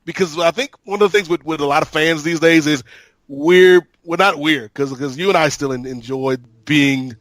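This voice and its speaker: A man co-hosting a podcast in casual chat, telling stories in a measured way and repeating words while he thinks. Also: on the high side, fairly bright tone, no echo. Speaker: podcast co-host.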